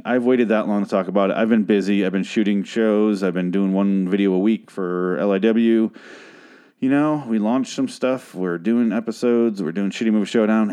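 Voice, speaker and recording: A man's voice: lowish voice, clear, resonant tone. Rambling, profane man hosting a review show. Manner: profane, rambling, jokey, with animated put-on voices. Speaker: podcast host reviewing a TV series. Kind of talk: casual solo review rant.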